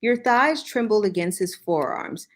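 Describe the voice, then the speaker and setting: A woman's voice: medium pitch, animated, a little slow. A woman hosting a podcast who reads fan fiction aloud, keeping a dry tone and breaking it with joking asides. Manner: dry reading broken by joking asides and laughs. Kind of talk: comedic dramatic reading with asides.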